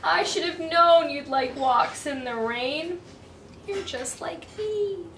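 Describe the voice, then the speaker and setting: A woman voicing a loving dog owner who calls out in a shrill, high voice and coos over her pet. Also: slow, noisy background. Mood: cooing. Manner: shrill high calling, cooing. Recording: echoey room, voice from off-mic.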